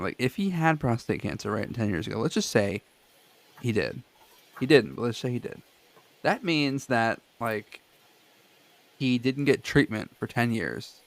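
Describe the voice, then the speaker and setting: Chill guy cohosting a podcast, mid pitch, loose rambly talk, dry close mic. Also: creaky, dry recording. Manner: laid-back, lots of "like" fillers, laughs easily. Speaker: podcast co-host. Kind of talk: casual chat.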